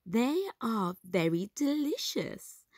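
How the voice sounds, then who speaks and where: A woman voicing a proud, cheerful young princess in a children's storybook reading, enthusiastic and lively. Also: on the high side, takes it slowly, dry recording, clean studio sound, voice pushed up, exaggerated voice.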